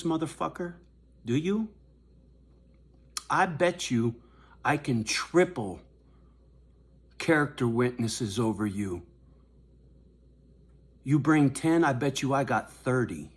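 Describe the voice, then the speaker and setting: An older man vlogging to his viewers in a confrontational, profane rant, dropping to low mutters and then rising to raised shouting. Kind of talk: angry direct-to-camera rant.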